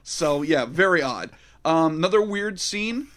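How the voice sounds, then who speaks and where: A man's voice: fairly high pitch, lively intonation, measured pace, fairly bright tone. A young adult man co-hosting a casual movie podcast, joking, swearing and acting out scenes. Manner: profane, jokey, acts out characters. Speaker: podcast co-host. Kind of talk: casual movie review chat.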